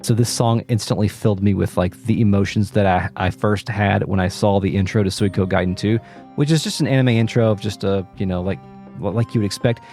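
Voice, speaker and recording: A man co-hosting a casual podcast about a video game, relaxed and a little hesitant, often repeating words as he thinks. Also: fairly low pitch, brisk, soft background music. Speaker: podcast co-host.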